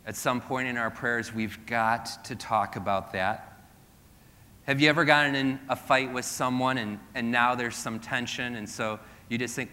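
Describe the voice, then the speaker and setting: A man's voice: mid-range voice, fairly even intonation, moderate pace, sharp tone. A middle-aged man, a pastor, preaching a sermon with self-deprecating humor and rhetorical questions to the congregation. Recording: long hall reverb.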